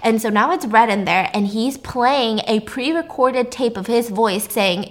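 A young woman tells a film's story in casual chat, her voice sitting a little high. She is animated and playful, slipping into quick impressions of the characters as she goes. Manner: animated, jokey, acts out lines. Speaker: storyteller recapping a film.

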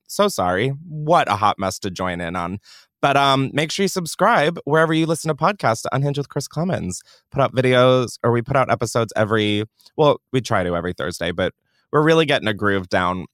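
A young man hosts a podcast from a studio, rambling through casual chat with crude jokes and self-mockery. His voice sits at an ordinary middle pitch. The recording is close and dry, with no room sound. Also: fairly bright tone, clear, resonant tone, dry recording. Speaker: podcast host.

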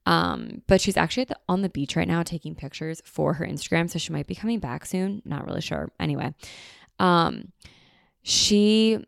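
A woman's voice: fairly low pitch, animated, moderate pace, vocal fry, no room sound, clean studio sound. A young woman with an American accent, hosting a podcast in a gushing, chatty style full of "like," recorded at home in a beach town. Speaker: podcast host. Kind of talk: casual podcast monologue.

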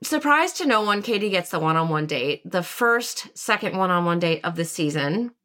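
Lady with a lowish voice, sarcastic, gossipy recap chat. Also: lively intonation, normal speed, a bit bright. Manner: sarcastic, gossipy, quotes people in mock voices. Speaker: podcast co-host.

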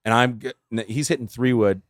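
A man's voice: mid-range voice, fairly quick, dry recording, clean studio sound. A man in his forties from California, a guest telling stories in a casual podcast chat, self-mocking and swearing often. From United States. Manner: profane, self-mocking storyteller. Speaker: guest, film producer.

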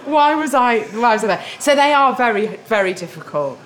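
A woman actor as a guest at a restaurant lunch interview, telling stories in a lively, laughing way. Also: a little high, a little fast, rough recording. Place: restaurant table.

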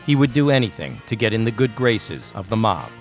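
A man delivering measured, scripted narration for a true-crime podcast. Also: on the low side, sing-song, faint music behind.

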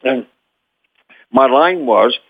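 An older man from Memphis, Tennessee, telling animated stories as an interview guest and chuckling often. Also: mid-range voice, very slow, no room sound, narrow, tinny audio. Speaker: guest, former child actor. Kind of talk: anecdotal storytelling.

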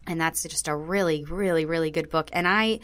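A slightly low, bright-toned woman chats casually as a podcast co-host. She rambles, piling up fillers and restarts as she goes. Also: steady tone, brisk. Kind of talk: casual chat.

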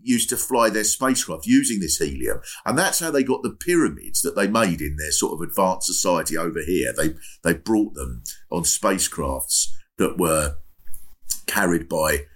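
Man in his sixties, low and animated comic podcast host, wry and rambling. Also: normal speed. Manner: chatty, self-mocking, breaks into laughter; puts on comic voices for quotes. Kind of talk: comic monologue.

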